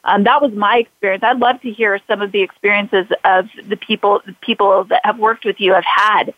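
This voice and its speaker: A woman's voice: mid-range voice, fairly even intonation, brisk, no echo, phone-quality sound. A woman hosting an interview, telling a personal story with frequent fillers and restarts. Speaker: podcast host. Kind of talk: conversational interview.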